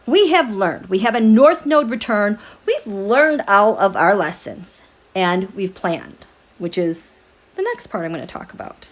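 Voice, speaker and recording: A woman hosting a tarot livestream at night, chatting casually with viewers, animated, laughing often and reading their comments aloud. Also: medium pitch, measured pace. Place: home, at night.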